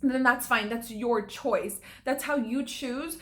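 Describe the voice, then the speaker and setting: A young actress speaks straight to her viewers in a casual vlog, her voice sitting a little high. She is earnest and stirred up, laughing often as she makes her point. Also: takes it slowly, fairly bright tone. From California. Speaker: actress and acting vlogger. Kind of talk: casual vlog talk to camera.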